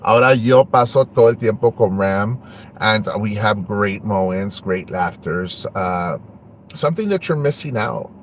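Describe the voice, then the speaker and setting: A man's voice: on the low side, lively intonation, unhurried, a little hiss or hum. A man hosting an online show, ranting and taunting a rival, switching between English and Spanish. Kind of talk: ranting livestream talk.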